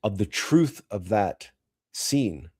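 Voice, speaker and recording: Slow, earnest male talk show host. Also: on the low side, big pitch swings, breathy edge. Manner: earnest, emotional, repeats and restarts a lot. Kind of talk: monologue on a spiritual talk show.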